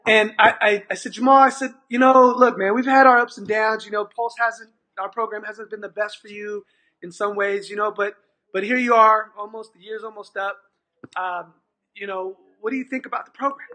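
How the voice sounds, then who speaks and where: Middle-aged guy telling a story, high-ish voice, acts out all the dialogue, keeps restarting. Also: moderate pace. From California, USA. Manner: animated, acts out quoted dialogue, many restarts. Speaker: after-school program manager, guest. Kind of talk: storytelling in conversation.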